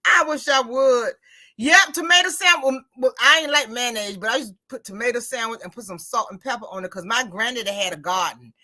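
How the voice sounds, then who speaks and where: Bright high-voiced woman chatting. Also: fast talker, few pauses. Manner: chatty, storytelling, animated retelling with quoted dialogue. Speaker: host. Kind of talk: casual chat.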